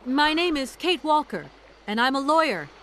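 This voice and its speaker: A woman's voice: high-pitched, very animated, moderate pace, a bit bright. An actress playing a polite woman lawyer with dry wit in a game. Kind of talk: game voice acting.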